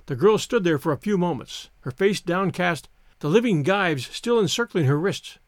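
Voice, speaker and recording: A man narrating an adventure story as an audiobook, in expressive, measured storytelling. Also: high-pitched, no echo, studio quality.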